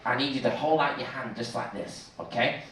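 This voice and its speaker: A man's voice: medium pitch, fairly quick. A man with a Manchester accent hosting a cruise ship show on stage, teasing the audience with jokes. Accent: Manchester English. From England. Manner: joking, teasing, lively showman. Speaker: cruise director. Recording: echoey theater heard from far off over crowd noise. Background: audience cheering and laughing.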